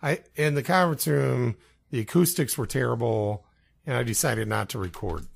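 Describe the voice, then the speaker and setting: A man co-hosting a podcast tells an anecdote in a loose, chatty way, laughing often as he goes. His voice sits at an ordinary middle pitch. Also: normal speed, vocal fry. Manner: laughing, animated anecdote telling. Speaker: podcast co-host. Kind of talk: casual storytelling.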